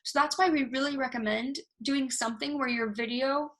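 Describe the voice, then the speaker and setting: A young woman presenting a casual online workshop, talking fast and animated, recorded alone over a video call. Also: high voice. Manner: self-described fast talker, animated, talks with hands. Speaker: university research workshop presenter. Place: alone, recording herself at a computer. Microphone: recorded through video call software.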